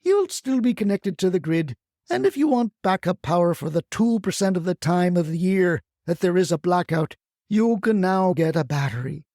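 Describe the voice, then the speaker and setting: A woman's voice: on the low side, animated, normal speed, mellow, dry recording, studio quality, close to an everyday voice. A performer voicing a feisty retired grandmother who rants bluntly and swears as a crusader for solar panels. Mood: ranting. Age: older. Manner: brash, scolding, blunt swearing. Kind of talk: comic audio storytelling.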